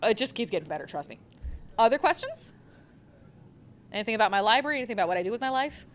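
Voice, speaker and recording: A woman's voice: on the high side, big pitch swings, quick pace, slight background noise. A young woman recommending manga on a live convention panel, gushing and rambling with lots of fillers.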